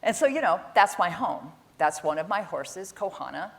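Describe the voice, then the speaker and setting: Animated woman giving a keynote talk. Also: on the low side, moderate pace, gravelly. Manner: animated, exasperated, rising loudly when making a point. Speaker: keynote speaker. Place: conference stage.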